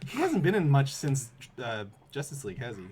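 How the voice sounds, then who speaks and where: Excitable man with a lively voice. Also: mid-range voice, brisk, slight background noise. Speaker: podcast co-host. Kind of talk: casual chat.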